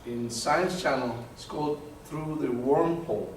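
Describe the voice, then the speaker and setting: A man giving a live talk to an audience, animated and often repeating words as he searches for terms. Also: medium pitch, a little slow, a little hiss or hum. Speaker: presenter. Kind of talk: live lecture with audience questions. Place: meeting room with an audience. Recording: very echoey room from far off.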